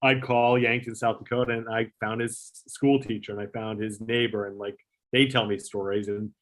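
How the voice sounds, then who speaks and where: A man's voice: lowish voice, flat delivery, moderate pace. A middle-aged man, a former talk show producer, telling a story in a casual interview, acting out the voices he quotes and filling his talk with fillers and swearing.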